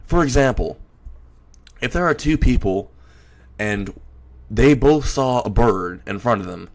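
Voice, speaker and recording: A young man narrating an improvised story in a loose, halting way with frequent restarts. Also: medium pitch, animated.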